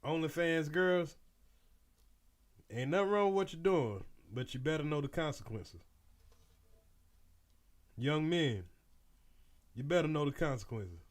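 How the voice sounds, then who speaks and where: A man's voice: a little high, lively intonation, measured pace, long pauses. A man hosting a reaction video, giving blunt, slangy commentary and warnings. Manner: blunt, preachy, slangy asides.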